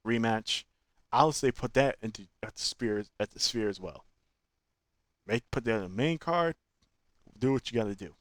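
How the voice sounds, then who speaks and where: A man hosting his own channel, giving opinionated, animated fan commentary in slangy casual speech. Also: mid-range voice, no room sound, clean studio sound. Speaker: channel host.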